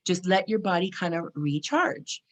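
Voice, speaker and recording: A woman's voice: on the low side, big pitch swings, normal speed. A woman in her forties from California, talking casually about spiritual energy to camera, chatty and full of "you know" and "right?". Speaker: spiritual vlogger.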